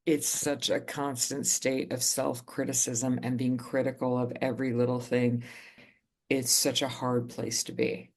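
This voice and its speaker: Gravelly, earnest storytelling podcast voice. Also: mid-range voice, level tone. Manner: earnest storytelling, slows down to reflect. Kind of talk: casual podcast conversation.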